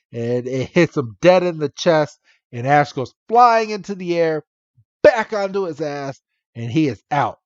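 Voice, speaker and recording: A man in casual podcast banter, talking slowly and laughing often. His voice sits a little high. The recording is dull and dry, like a cheap mic up close. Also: a little mellow, clean tone, dry recording. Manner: slow, laughing, crude banter. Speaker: podcast co-host. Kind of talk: casual episode recap.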